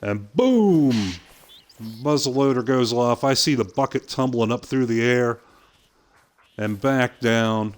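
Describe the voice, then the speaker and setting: An older man streaming a game, casually telling a long story with swearing and quick impressions of other people. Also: mid-range voice, expressive. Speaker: gaming streamer. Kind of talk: casual storytelling while playing.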